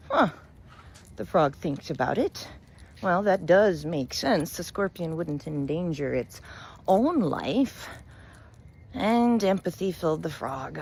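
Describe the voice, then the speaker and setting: Low-voiced woman, gently telling a fable. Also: expressive, slow pace, creaky, slight background noise. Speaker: storyteller and spiritual reader. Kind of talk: fable storytelling and reflection.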